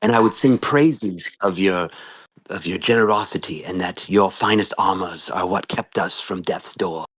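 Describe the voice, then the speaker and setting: A man voicing a male adventurer who speaks for his group, flattering and persuading a merchant. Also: sits low, moderate pace, husky, dry recording. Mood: persuasive. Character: smooth-talking male adventurer, the group's spokesman.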